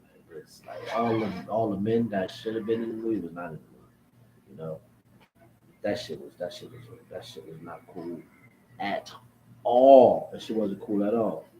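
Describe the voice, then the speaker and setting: A man's voice: fairly low pitch, moderate pace. A man ranting casually to his viewers, profane and repetitive, jumping from topic to topic. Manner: profane, animated, repeats himself. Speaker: vlogger. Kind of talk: casual rant to camera. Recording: echoey room with faint background noise.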